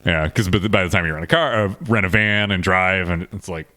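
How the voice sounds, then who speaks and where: Casting note: very deep male voice, easygoing podcast co-host. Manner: relaxed, chuckles, quick back-channel replies. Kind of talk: casual podcast chat.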